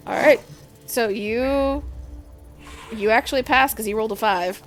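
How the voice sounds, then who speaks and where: A woman's voice: fairly high pitch, measured pace. A woman running a tabletop game as game master, giving plain rulings and laughing easily. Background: background music.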